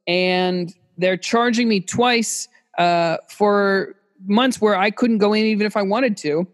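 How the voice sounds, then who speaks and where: A man's voice: high voice, slow pace, long reverb tail. A man co-hosting a comedy podcast, ranting in exaggerated anger over a video call. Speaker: podcast co-host. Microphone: remote video call.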